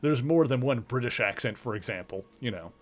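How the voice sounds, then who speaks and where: A man's voice: mid-range voice, expressive, brisk, a little hiss or hum. A man with a mild Canadian accent, chatting casually while streaming a game, rambling with lots of fillers and restarts. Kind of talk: casual chat while gaming.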